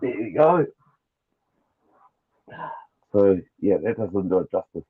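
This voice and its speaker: A rambling, jokey man with a New Zealand accent talks casually as a podcast guest. His voice sits on the low side. It comes through a thin, phone-like call connection. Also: expressive, slow pace, breathy edge. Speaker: guest toy customizer. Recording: tinny phone-like call line.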